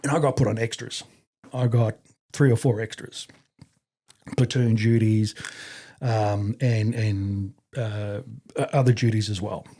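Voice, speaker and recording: A man's voice: lowish voice, steady tone, a little slow, pauses often, warm tone. A middle-aged man with an Australian accent, telling a story as a podcast guest in a blunt, profane, rambling way. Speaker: podcast guest, army veteran. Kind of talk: casual anecdotal storytelling.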